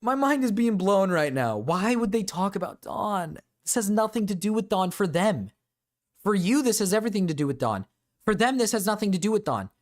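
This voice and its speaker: A man's voice: sits high, big pitch swings, fairly quick. A man streaming a reaction to a video, ranting in a profane, exasperated way at his chat. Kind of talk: reaction commentary.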